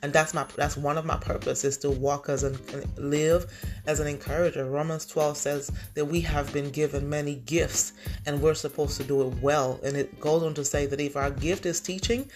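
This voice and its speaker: A woman's voice: low-pitched, steady tone, moderate pace, a little mellow, soft background music. A woman hosting a faith podcast, speaking in a heartfelt, emotional way that turns teary at times. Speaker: podcast host.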